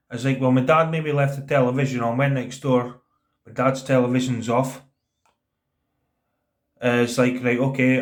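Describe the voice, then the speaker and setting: A man tells a personal story on a vlog. He speaks earnestly, stumbles and repeats words, and often drops to a quieter voice when quoting people. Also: mid-range voice. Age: 30s. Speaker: vlogger telling a personal story. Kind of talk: casual spoken storytelling.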